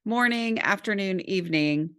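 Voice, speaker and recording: A woman's voice: medium pitch, moderate pace, fairly bright tone, smooth, no echo, studio quality. A woman hosting a podcast, chatting casually and laughing easily, saying "y'all" to her listeners. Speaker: podcast host.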